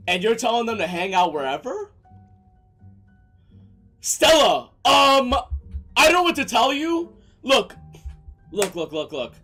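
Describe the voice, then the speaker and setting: Give me a young male game streamer with a slightly high voice and wildly bouncing pitch. He chats casually, swears freely, and erupts into shouted tirades. Soft music plays behind him. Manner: excitable, profane, breaks into shouted rants. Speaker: gaming streamer. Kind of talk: let's play commentary.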